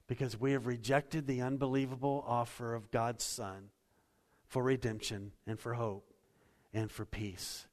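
A pastor preaching a sermon, conversational and earnest, dropping to hushed intensity and rising to louder emphasis. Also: male voice, mid-range voice. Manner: conversational, folksy storytelling with restarts. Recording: long church reverb.

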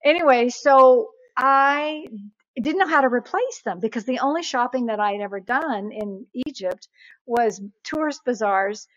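Woman guest, lively storyteller, slightly high voice, muffled dry recording. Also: normal speed, no echo. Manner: animated, acts out voices in her anecdotes. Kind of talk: storytelling in a casual interview. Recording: dull, dry, lo-fi sound.

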